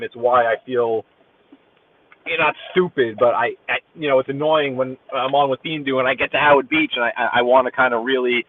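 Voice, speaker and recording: A man from Brooklyn with a New York accent, rambling casually to live-stream viewers while he drives. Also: mid-range voice. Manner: rambling, talkative, chatty with viewers. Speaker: live-stream driving host. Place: inside a car. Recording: tinny phone-like audio.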